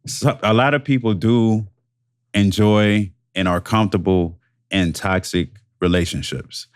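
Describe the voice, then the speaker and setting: Podcast co-host, male, drawn-out and repetitive, dry close headset sound. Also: lowish voice, steady tone, smooth, no room sound. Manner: drawn-out, repetitive phrasing with many restarts. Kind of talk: casual podcast chat. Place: home podcast setup, webcam. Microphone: headset microphone.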